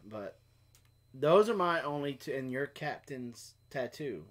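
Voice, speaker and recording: A man's voice: mid-range voice, animated, slow pace. A middle-aged man co-hosting a casual live stream, telling stories in a rambling way with many restarts. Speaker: co-host of a homestead live stream. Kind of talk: casual chat.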